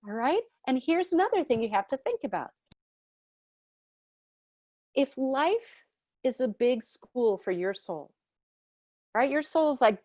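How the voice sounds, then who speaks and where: Animated woman teaching a spiritual class. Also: high-pitched, normal speed, dry recording, studio quality. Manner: animated storytelling, acts out voices. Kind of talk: live online class talk.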